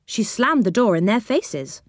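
A woman's voice: fairly high pitch, big pitch swings, measured pace, no echo, clean studio sound. Woman reading a children's storybook. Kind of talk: storybook narration.

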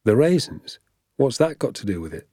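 A man reading as a scheming, excitable father. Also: mid-range voice, moderate pace, slightly rough, dry recording, studio quality. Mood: plain. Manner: conspiratorial, hushed then fervent. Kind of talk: audiobook character voice.

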